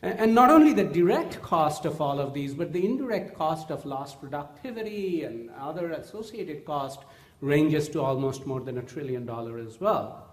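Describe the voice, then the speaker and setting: Male symposium speaker, voice sits a bit high, earnest and halting, roomy hall sound. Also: lively intonation. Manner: earnest, many hesitant fillers and restarts. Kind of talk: scientific conference talk. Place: conference room. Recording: echoey conference hall.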